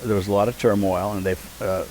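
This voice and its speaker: An older man, a veteran community theater actor appearing as an interview guest, reminisces conversationally and livens up whenever he quotes someone. His voice sits on the low side and moves at a quick pace. The audio is poor, with slight background noise.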